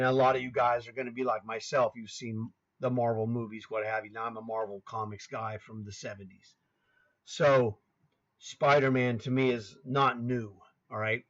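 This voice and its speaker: Over a laptop screen share, a chess coach in his sixties chats his way through a lesson, naming squares aloud and muttering occasional complaints under his breath. His voice is medium in pitch with a fairly bright tone, though the recording comes across muffled.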